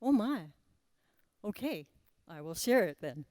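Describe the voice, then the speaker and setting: Woman giving a slow spiritual talk. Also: mid-range voice, big pitch swings, dark tone, no echo. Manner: asks the audience questions. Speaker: spiritual teacher. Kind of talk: spiritual talk to a live audience.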